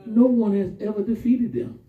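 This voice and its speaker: A man preaching a sermon, telling stories with animated call-and-response. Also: high voice, moderate pace. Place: church. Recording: echoey church from far off, phone-like sound.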